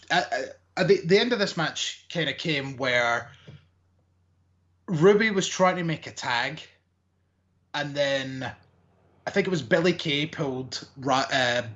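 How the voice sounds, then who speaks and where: A man's voice: a little high, fairly bright tone, muffled recording. A man co-hosting a wrestling podcast, recapping matches in a casual, rambling way with lots of fillers. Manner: rambling, hesitant with many fillers.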